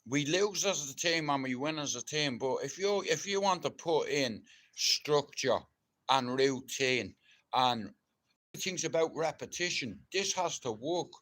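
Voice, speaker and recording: A middle-aged Irish man chatting on a live stream, rough-spoken and swearing heavily, and loud and ranting once he gets fired up. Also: a little high, expressive, unhurried. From Ireland. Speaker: livestreamer. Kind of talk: casual live-stream chat.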